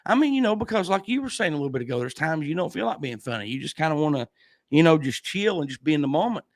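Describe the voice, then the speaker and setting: A man's voice: fairly high pitch, sing-song, quick pace, no room sound. A man hosting a casual livestream chat, telling rambling stories and laughing often. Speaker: podcast host.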